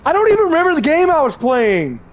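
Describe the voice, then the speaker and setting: A man's voice: very high-pitched, huge pitch swings, quick pace, low-quality recording. A young man in casual chat while streaming a game, rambling, crude and laughing often. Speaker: gaming streamer.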